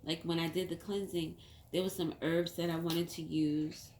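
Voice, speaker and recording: A woman's voice: on the low side, level tone, normal speed, darkish tone. A middle-aged woman, a tarot reader, talking in a rambling, heartfelt way, now and then close to tears. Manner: rambling, heartfelt, tearful at times. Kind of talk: casual monologue to camera. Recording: echoey room, faint background hum.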